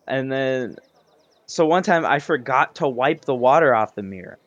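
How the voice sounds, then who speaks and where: A man's voice: medium pitch, a bit bright, no echo. A young man, a podcast co-host, telling a childhood story in a rambling, self-interrupting way on a casual chat show. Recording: muffled lo-fi sound.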